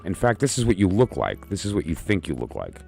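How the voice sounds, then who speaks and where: A man with a very low voice hosts a casual live stream from home, rambling and joking with his viewers. His pitch swings widely as he talks. Faint music plays underneath. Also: wildly swooping pitch, quick pace, vocal fry, a little mellow. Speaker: live-stream host doing oracle and tarot readings.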